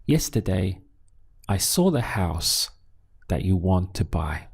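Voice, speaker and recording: Slow, gravelly male Spanish teacher. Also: low-pitched, sing-song. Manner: slow, patient, pauses for learner answers. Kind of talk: scripted language lesson.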